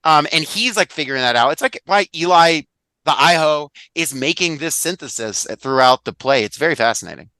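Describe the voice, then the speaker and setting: A man's voice: fairly high pitch, lively intonation, a little fast, sharp tone, dry recording, poor audio. A man in a casual podcast chat about a play, talking eagerly and filling his speech with "like". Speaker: podcast co-host or guest. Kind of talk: casual literary discussion.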